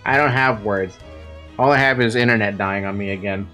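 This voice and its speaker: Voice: low voice, brisk, pushed and bright, faint music behind. A streamer chatting casually and playfully while playing a game, laughing often and swearing.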